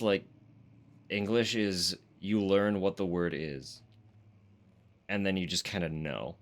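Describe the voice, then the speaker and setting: A Canadian man streaming a horror game live, reading in-game text aloud and chatting in a self-deprecating way, swearing and laughing often. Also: low voice.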